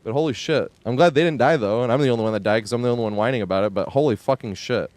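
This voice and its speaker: A man's voice: mid-range voice, very fast, dry recording. Exasperated swearing man on a dry mic. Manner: exasperated ranting with frequent swearing; yells at the screen in bursts. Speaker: game streamer. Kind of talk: live gameplay commentary.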